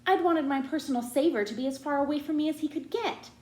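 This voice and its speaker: Woman audiobook reader, expressive, fairly high pitch, roomy echo. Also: quick pace. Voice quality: expressive, animated reading. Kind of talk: storytelling narration.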